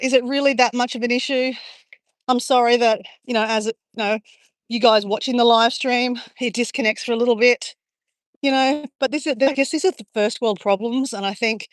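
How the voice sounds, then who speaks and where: A woman's voice: a little high, dry recording, studio quality. A woman chatting to her live-stream viewers as she walks along a beach, rambling and greeting people by name. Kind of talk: casual live-stream chat. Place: outdoors on a beach.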